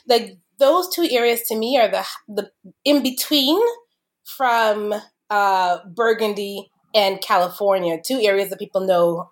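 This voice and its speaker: A woman, a wine expert guest, talking in a chatty, explanatory way with many fillers. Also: medium pitch. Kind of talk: casual podcast conversation.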